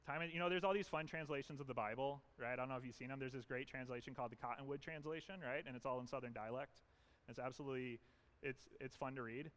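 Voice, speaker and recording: A man's voice: medium pitch, fairly even intonation, fast, fairly bright tone. A man pastor preaching an earnest, emphatic sermon in a church, leaning on repetition.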